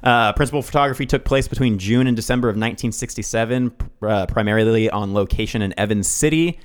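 Deep-voiced man chatting about films. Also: quick pace, smooth. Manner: rambling, reads facts then riffs, swears. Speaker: podcast co-host. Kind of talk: casual film discussion.

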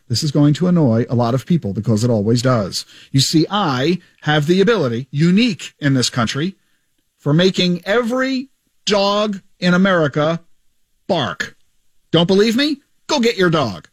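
A man hosting his radio show, telling stories in an animated, joking way into a studio microphone. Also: high-pitched, dry recording. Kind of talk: radio show retrospective monologue.

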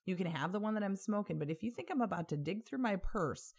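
A woman's voice: mid-range voice, expressive, fast talker, gravelly, husky. A young woman co-hosting a podcast, telling stories in a blunt, sarcastic way and swearing freely. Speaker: podcast co-host. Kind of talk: casual storytelling chat.

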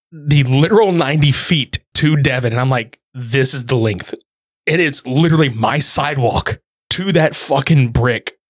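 A man's voice: fairly high pitch, no room sound, clean studio sound. A man hosting a podcast, telling a story in casual, profane chat. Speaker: podcast host.

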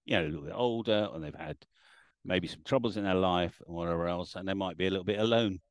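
A middle-aged man, an animated storyteller chatting casually as a livestream guest and acting out the lines he quotes. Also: sits low, quick pace, no echo, clean studio sound. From England.

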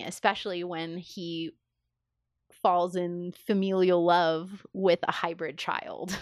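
A woman's voice: fairly low pitch, dry recording, studio quality. A woman in casual podcast chat, talking enthusiastically with lots of fillers and acting out quoted lines. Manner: enthusiastic, filler-heavy, acts out quoted dialogue.

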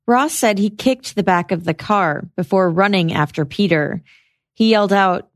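A woman hosting a podcast, giving a measured, scripted narration of a trial's testimony. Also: mid-range voice, no echo, studio quality. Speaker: podcast host. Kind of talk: scripted true-crime narration.

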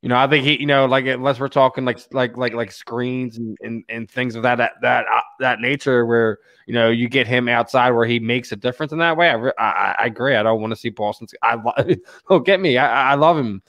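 A man's voice: medium pitch, a little fast, fairly bright tone, no room sound. A man with a mid-range voice talks sports casually, tripping over his words and repeating them, with laughs worked in between. The recording is dry and close. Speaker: sports podcast co-host.

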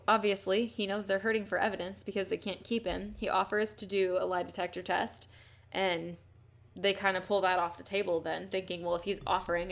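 A woman's voice: medium pitch, vocal fry. A woman casually retelling a true-crime case as a podcast host, blunt and swearing freely. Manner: blunt and swears often, reads quotes aloud.

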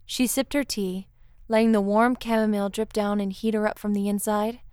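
A woman narrating a romantic story in a calm, unhurried reading. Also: mid-range voice, smooth, no room sound, clean studio sound.

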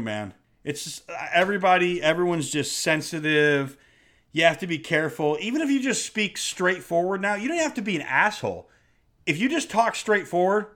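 A man's voice: on the high side, bright, forceful tone. A middle-aged man hosting a podcast, ranting bluntly and swearing a lot in an exasperated way. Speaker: podcast host. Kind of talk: casual profane rant.

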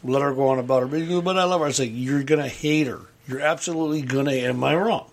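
A man's voice: medium pitch, fairly even intonation, quick pace, slight background noise. A man in casual chat, telling a story in a laid-back way with casual swearing. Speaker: welder, guest.

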